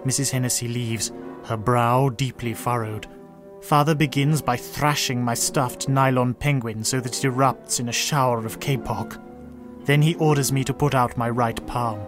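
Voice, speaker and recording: A man narrating a comic story with a dry, deadpan delivery. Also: mid-range voice, normal speed, music in the background.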